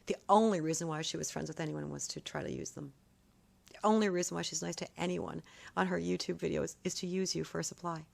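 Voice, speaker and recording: A vlogger tells a long story in a casual video, sounding emphatic and accusatory and repeating her points often. Her voice is low-ish and creaky, fast, with fairly even intonation.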